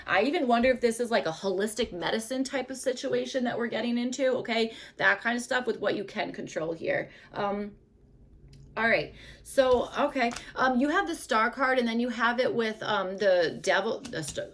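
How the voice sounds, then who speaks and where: A woman doing a casual tarot reading to camera, rambling loosely with lots of fillers and hedges, dropping to soft murmurs now and then. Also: a little high. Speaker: tarot reader.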